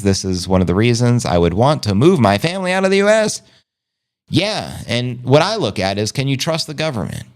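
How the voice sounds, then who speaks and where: A man's voice: medium pitch, clear, resonant tone. A man hosting a casual livestream, reading viewer comments aloud in a laid-back, slangy way. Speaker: livestream host.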